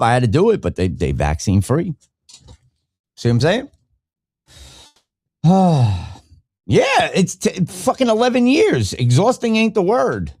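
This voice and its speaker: A fired-up man rants on his live podcast, swearing constantly and calling names out to his chat. His voice sits a little high and leaps all over the place. The sound is dry and close. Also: a little mellow, breathy edge, no echo. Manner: angry, profane, blunt ranting; greets live chat viewers. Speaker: podcast host. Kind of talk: livestream rant.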